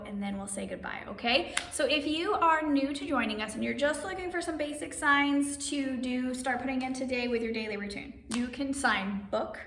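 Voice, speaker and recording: A woman's voice: on the high side, fairly bright tone. A woman hosting a children's story time, teaching simple signs and reading aloud in a cheerful, sing-song way. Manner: cheerful, sing-song, addresses kids as friends. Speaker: story time host teaching sign language. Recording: roomy echo, mic at a distance, faint background noise.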